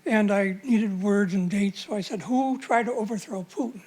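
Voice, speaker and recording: A woman's voice: mid-range voice, normal speed, a little mellow. A woman in the audience asking an informal, meandering question at a lecture.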